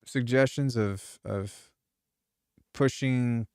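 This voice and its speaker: A man's voice: mid-range voice, drawn-out words, a little mellow, clean tone, no echo, clean studio sound. A man who produces music, chatting casually on a live stream, rambling and swearing freely with lots of restarts. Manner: rambling, profane, frequent restarts.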